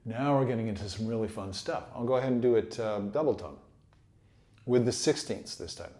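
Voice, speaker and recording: A man teaching trumpet in a relaxed, encouraging way, sometimes singing rhythms aloud. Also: lowish voice, brisk. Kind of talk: relaxed instructional talk. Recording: echoey room.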